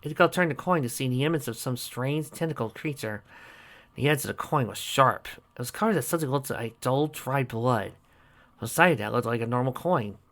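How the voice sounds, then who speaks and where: A man narrating a fan fiction story in an even, steady way. His voice is bright and forward, at a mid pitch for a man. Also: brisk. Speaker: reader.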